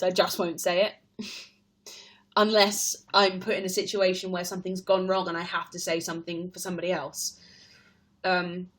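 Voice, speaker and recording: A young woman with an English accent, chatting on a live stream, reading out viewers' questions and laughing often. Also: medium pitch. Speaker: stage performer live-streaming to fans. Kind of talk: casual live-stream chat answering comments.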